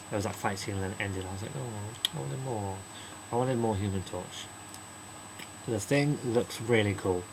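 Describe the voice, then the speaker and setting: A man giving a casual spoken film review, rambling and chatty, slipping into quick mocking impressions of characters. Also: lowish voice, background noise. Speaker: movie reviewer.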